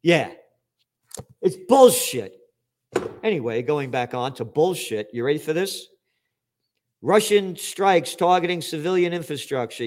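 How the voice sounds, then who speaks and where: An older man giving an indignant, profane commentary monologue, swinging from loud outbursts to low muttering. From United States.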